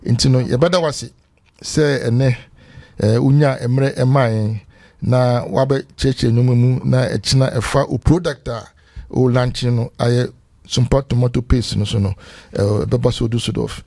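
A man's voice: medium pitch, steady tone, measured pace, vocal fry, darkish tone, dry recording, clean studio sound. A man from Ghana, hosting a casual community radio talk show and often dropping in "yo" and English words. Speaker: radio host. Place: radio studio.

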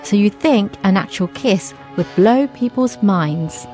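A woman giving scripted documentary narration in a clear, measured delivery. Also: medium pitch, lively intonation, warm tone, faint music behind.

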